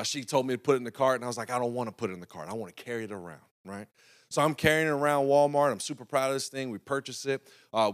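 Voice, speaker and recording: A young adult man, a pastor, preaching in a conversational storytelling style and often checking in with the congregation. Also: medium pitch. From North Carolina. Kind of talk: sermon storytelling.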